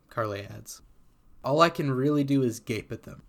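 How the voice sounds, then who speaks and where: A man's voice: medium pitch, brisk, a bit bright. A man reading a first-person story aloud in a casual, sardonic voice that swears freely. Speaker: community reader.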